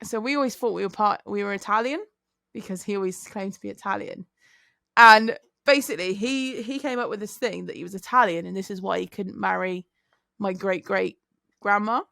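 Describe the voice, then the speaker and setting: Gravelly-voiced chatty woman. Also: medium pitch, a little fast, fairly bright tone, dry recording, clean studio sound. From Britain. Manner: chatty, giggly storyteller. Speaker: podcast co-host. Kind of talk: casual chat.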